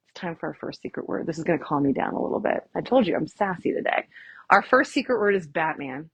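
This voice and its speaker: Sassy woman chiropractor, blunt and chatty, slightly breathy tone, close dry recording. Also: sits low, expressive, fairly quick, no room sound, dull audio. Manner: casual, chatty with audience. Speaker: chiropractor giving a workshop. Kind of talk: live workshop lecture.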